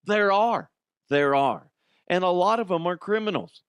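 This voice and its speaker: Dude hosting a funny news show, swears a lot and jokes around, kinda high voice, real dry sound. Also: male voice, lively intonation, normal speed, a bit bright, clean tone, no room sound. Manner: crude, jokey, breaks into silly put-on voices. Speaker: podcast host. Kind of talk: casual comedic news chat.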